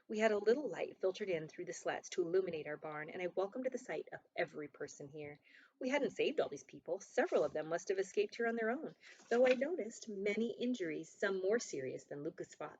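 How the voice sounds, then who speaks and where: Woman reading a novel, low and muffled. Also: darkish tone, slightly rough. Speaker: audiobook narrator. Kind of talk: first-person novel reading. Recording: dull lo-fi recording.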